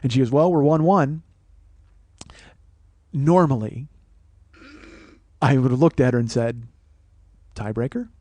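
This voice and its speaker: A man hosting a podcast, telling a comic personal story in a profane, animated, self-mocking way. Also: mid-range voice, unhurried, pauses often, no room sound. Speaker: podcast host. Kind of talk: comedic storytelling monologue.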